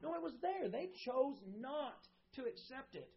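Woman pastor, sermon, earnest conversational delivery, somewhat high voice, muffled lo-fi recording. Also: sing-song, a little slow. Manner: earnest, conversational preaching with self-corrections. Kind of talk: sermon with scripture reading. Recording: dull lo-fi sound.

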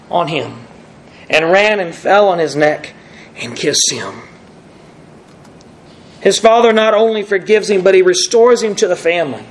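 A man preaching a sermon, reading scripture aloud and acting out the quoted lines with big swings in his voice, now and then correcting his own slips. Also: low-quality recording. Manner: animated, acts out the quoted lines with pitch swings; self-correcting, apologizes for slips.

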